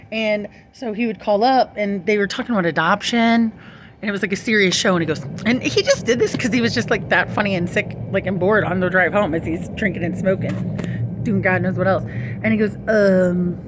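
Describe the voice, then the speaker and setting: A woman's voice: medium pitch, noisy background. A young woman telling a rambling, profane story to her camera, laughing often. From St. Louis area. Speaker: vlogger.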